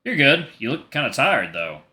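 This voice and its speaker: A man reading the lines of a protective young boyfriend in a game, earnest and soft-spoken. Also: mid-range voice, sing-song, moderate pace. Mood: caring.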